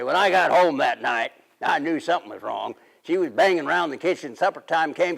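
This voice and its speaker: A man's voice: mid-range voice, creaky, fairly bright tone, exaggerated voice. A middle-aged man, playing a folksy, rambling 1880s riverboat man and husband in a period monologue.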